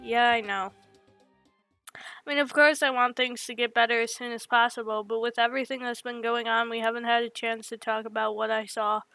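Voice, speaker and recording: A woman voicing an earnest ordinary teenage boy, reading game lines quickly and sincerely. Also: fairly high pitch, level tone, gravelly, pushed and bright, dry recording, soft background music. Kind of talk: reading game dialogue aloud.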